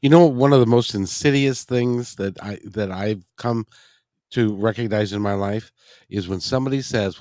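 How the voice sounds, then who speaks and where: A male interview host who talks in a halting, rambling way and keeps restarting his sentences. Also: lowish voice, mellow, no echo, studio quality. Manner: rambling, halting, self-correcting. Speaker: podcast host. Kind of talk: conversational interview.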